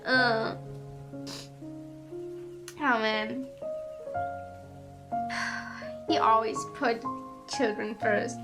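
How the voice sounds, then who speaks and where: A woman's voice: fairly high pitch, fairly even intonation, extremely slow, long pauses. A woman streamer with a stuffy nose, chatting casually on a livestream, emotional and tearful, rambling and swearing. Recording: music playing under voice. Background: background music.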